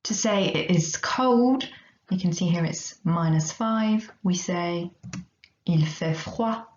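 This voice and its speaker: Woman teacher talking real slow, repeats stuff, lowish voice, kinda echoey dull recording. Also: darkish tone. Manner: slow, careful, repeats each phrase. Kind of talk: recorded language lesson.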